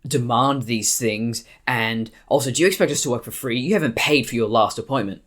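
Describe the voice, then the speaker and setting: A woman's voice: a bass voice, brisk, a bit bright. A woman imitating a brusque female clinic receptionist who scolds a patient. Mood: scolding. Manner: curt, scolding.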